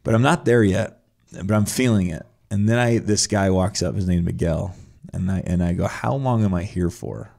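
A man with a low, gravelly voice tells his own story in casual conversation. He is blunt and swears freely, slipping into his younger self's reactions as he talks. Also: normal speed, darkish tone. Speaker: podcast guest telling his story.

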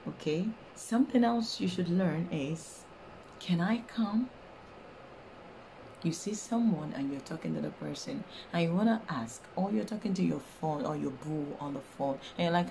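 Nigerian woman, casual video lesson, playful, low pitch, faint background noise. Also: lively intonation, a little slow, vocal fry, mellow, poor audio. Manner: playful, drops into whispers for examples. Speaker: language teacher, vlogger.

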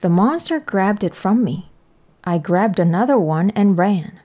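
A woman reading a children's picture book aloud with slow, careful storytelling. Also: medium pitch, expressive, dark tone. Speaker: read-aloud narrator.

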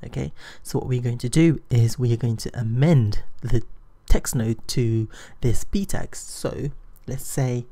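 A man giving a screen-recorded coding tutorial, thinking aloud in an unhurried way with frequent fillers. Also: mid-range voice, warm tone. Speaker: programming tutor.

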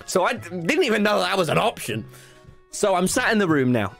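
A British man streaming, telling a story to his chat in an excitable, laughing way that breaks into shouts. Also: sits high, fairly quick, creaky, faint music behind.

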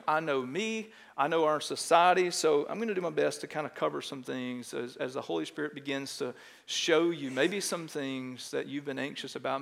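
A middle-aged man with a Texan drawl delivers a sermon in a large church, his fairly high voice carrying a long reverb through the sanctuary. He tells stories with lively, self-mocking energy and keeps checking in with the room. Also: gravelly. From Texas. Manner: animated, self-mocking storyteller, often asks "right?". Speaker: pastor. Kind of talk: sermon with storytelling.

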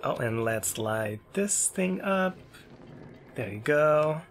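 A man giving let's play commentary on a horror game, excitable and yelping whenever something startles him. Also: takes it slowly, slight background noise. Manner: excitable, yelps and jumps high when scared. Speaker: gaming YouTuber. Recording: game music playing behind.

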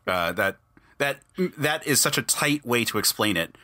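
Bright-voiced man chatting excitedly. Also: mid-range voice, moderate pace, dry recording, clean studio sound. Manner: rambling, enthusiastic, many restarts. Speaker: podcast host. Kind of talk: casual podcast chat.

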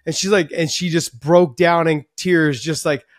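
Brief: male host, a bit high-pitched, dry close mic, easygoing and upbeat. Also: steady tone, normal speed, no echo. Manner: friendly, calls guest brother, hypes up the sign-off. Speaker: podcast host. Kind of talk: casual podcast chat.

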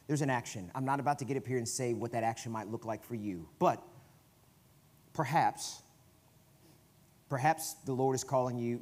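A guest preacher, a man with a Southern US accent, talks to the congregation in a loose, conversational way. His pitch sits in the middle, but he swings between soft, low asides and sudden loud, emphatic bursts as he preaches in the church. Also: normal speed, long pauses. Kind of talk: sermon. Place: church sanctuary.

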